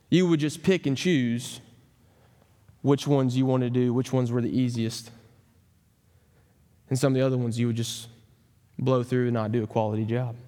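A man's voice: mid-range voice, darkish tone. Earnest man preaching in a reverberant hall. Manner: earnest, emphatic, slows down on key phrases. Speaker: pastor. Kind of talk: sermon. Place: church sanctuary.

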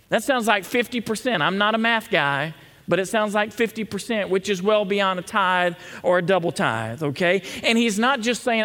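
A man preaching in a church sanctuary, his fairly high voice carrying a long reverb through the hall. He talks the congregation through the text in a plain, conversational way, often pausing to ask "okay?" to keep them with him. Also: animated, fairly bright tone. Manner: conversational, frequent "okay?" check-ins. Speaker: pastor. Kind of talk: sermon.

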